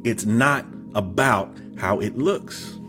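A man preaching a sermon, telling a story with humor and stammered restarts, then rising into emphatic shouts. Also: on the low side, slow, music in the background. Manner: emphatic, repetitive, builds to shouting.

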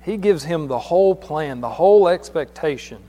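A man's voice: on the high side, animated, normal speed, dark tone. A man preaching a sermon in a church hall, talking in a plain conversational way and often repeating his words. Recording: long hall reverb.

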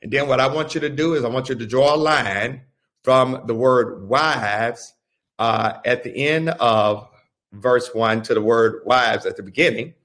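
A man preaching at an unhurried pace, teaching a Bible study. His pitch sits in the middle range. He speaks deliberately and repeats key phrases for emphasis. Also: a bit bright. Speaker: pastor.

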